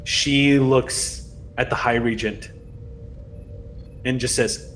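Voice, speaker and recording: A man narrating a tabletop role-playing game as game master, in a measured, dramatic way. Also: medium pitch, steady tone, fairly bright tone, soft background music.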